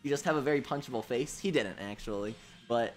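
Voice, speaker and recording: A young man hosting a casual gaming livestream. He tells childhood stories in an animated way, says "dude" a lot and laughs at his own jokes. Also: mid-range voice, fast talker, soft background music. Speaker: livestream host.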